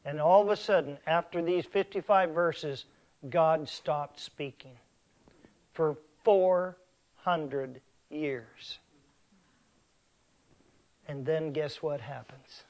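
A middle-aged man preaching a sermon as pastor, slow and emphatic, asking the congregation rhetorical questions. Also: a little high, a little mellow.

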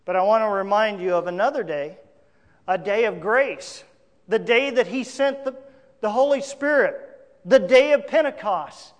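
Pastor guy preaching, high voice, gets loud then drops real quiet, reverby hall. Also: unhurried. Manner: emphatic preaching with dramatic swings in volume. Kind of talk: sermon.

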